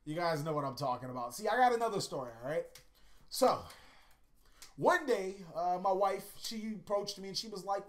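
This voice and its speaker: A woman's voice: mid-range voice, animated, normal speed. A woman hosting a card-game countdown video, talking in a casual, profane way and telling rambling joke anecdotes. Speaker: YouTube card-game host. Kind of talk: casual comedic countdown commentary.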